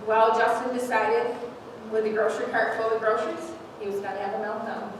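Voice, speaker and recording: Speaking fairly quickly with few pauses, this woman has a fairly high, even voice. She is in her forties, sharing an emotional testimony at a church service and laughing through her tears. Captured on a distant mic in a noisy, echoing church sanctuary.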